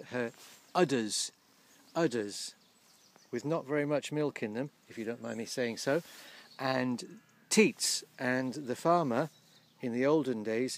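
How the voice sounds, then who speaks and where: A man giving casual, gently humorous commentary outdoors by a field, slowly explaining English words as he films. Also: medium pitch. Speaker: vlogger teaching English.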